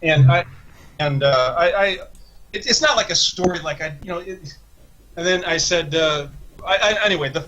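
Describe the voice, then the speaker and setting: A man's voice: fairly high pitch, normal speed, pushed and bright, muffled recording. Man telling a profane, rambling story. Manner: profane, rambling, with many restarts. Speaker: podcast guest. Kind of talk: casual storytelling.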